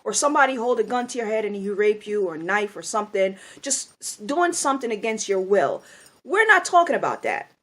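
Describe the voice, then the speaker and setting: A woman's voice: medium pitch, sing-song, brisk, fairly bright tone. A woman speaking in a blunt, scolding monologue, angry and firing off rhetorical questions. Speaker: video commentator.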